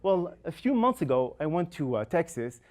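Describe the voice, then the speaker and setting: A man hosts a comedy show, warming up the audience and introducing the acts. He talks in a halting, casual way, and his voice is a little higher than most men's. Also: big pitch swings. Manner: halting, casual, with fillers and restarts. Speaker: show host and warm-up emcee. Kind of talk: stand-up warm-up and introductions. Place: comedy show stage before a live audience.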